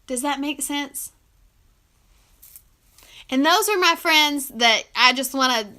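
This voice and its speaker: A woman's voice: high-pitched, takes it slowly, pauses often. A young woman giving heartfelt relationship advice to camera, emotional and giggly as she talks. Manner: warm, emotional, giggly, earnest. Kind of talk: casual heartfelt talk to camera.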